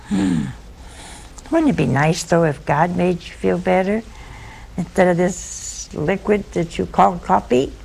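A woman's voice: on the low side, measured pace, vocal fry, darkish tone, breathy edge. A woman preaching a sermon in a folksy, humorous storytelling manner, acting out bits of dialogue.

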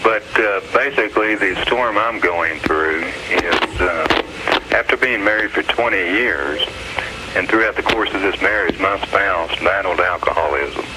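A man from Texas calls in with a question and speaks haltingly, with plenty of uhs. His voice sits low. Clear noise runs over the call line. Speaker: caller. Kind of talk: phone-in question. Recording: noisy phone-in line.

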